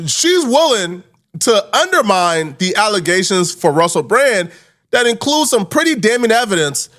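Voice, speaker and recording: A man with a high, very lively voice narrates commentary on an interview. He sounds dramatic and incredulous as he sets up the clip. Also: normal speed.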